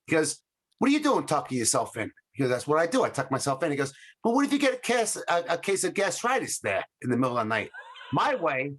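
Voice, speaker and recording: A man's voice: a little high, huge pitch swings, fast talker, fairly bright tone, breathy edge. Rambling man telling comic stories. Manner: rambling storyteller who acts out quoted voices. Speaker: podcast co-host. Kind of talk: casual comedy chat.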